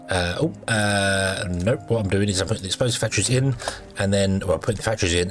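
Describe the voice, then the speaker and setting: A deep-voiced man chatting his way through a building game, wandering from thought to thought with plenty of ums and restarts. Quiet music plays behind his voice. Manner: rambling, self-correcting, many ums and uhs. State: has the hiccups. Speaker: gaming video host. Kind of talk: casual gameplay commentary.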